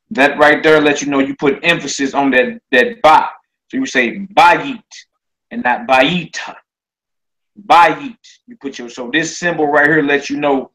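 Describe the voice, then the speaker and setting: A man's voice: medium pitch, low-quality recording. A man, teaching a casual live-streamed class and chatting with viewers as he goes. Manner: relaxed, chatty, talks to viewers as family.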